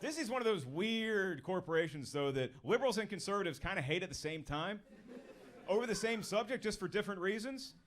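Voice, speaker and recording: A man's voice: high voice, expressive, brisk, a bit bright. A man doing a stand-up comedy set on a club stage, talking in a punchy, conversational way and working the crowd. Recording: noisy live club recording.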